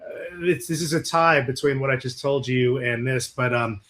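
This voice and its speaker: At normal speed and medium pitch, a male musician appearing as an interview guest recounts stories casually. He's animated, swears a lot, and dramatizes the dialogue.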